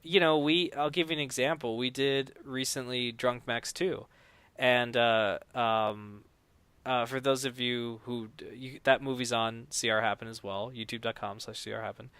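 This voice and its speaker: A podcast guest who makes no-budget films talks casually about the work in a clear, resonant, mid-range voice with a steady tone at normal speed. He rambles with many restarts and loudly acts out quoted dialogue. The recording has no room sound.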